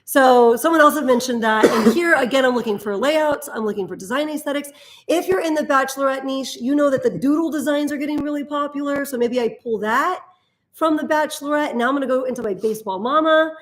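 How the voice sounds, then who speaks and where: A woman's voice: sits high, quick pace. A woman hosting a casual live stream, explaining design ideas in a chatty way with frequent laughs. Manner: chatty, laughs easily, restarts when explaining. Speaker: host.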